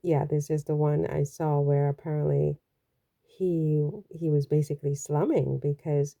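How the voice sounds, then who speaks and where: A woman's voice: low voice, flat delivery, a little slow, vocal fry, dark tone. A woman from the Caribbean giving casual, chatty and rambling commentary on a vlog, with frequent exclamations. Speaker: royal news vlogger.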